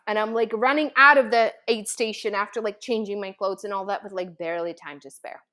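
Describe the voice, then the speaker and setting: A woman tells a personal story in a mid-pitched voice. She talks with earnest feeling, leans on casual fillers, and often restarts her sentences. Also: fairly bright tone. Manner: emotional, earnest, many fillers. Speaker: host.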